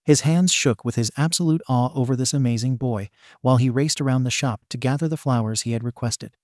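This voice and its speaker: A man reading a fan-fiction story aloud as scripted narration, in an even storybook manner. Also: mid-range voice, brisk, dry recording, studio quality.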